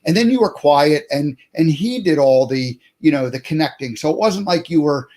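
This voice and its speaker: A male interview host with a fairly high voice. He reflects thoughtfully on his guest's story and sums up its points. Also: lively intonation, normal speed, darkish tone.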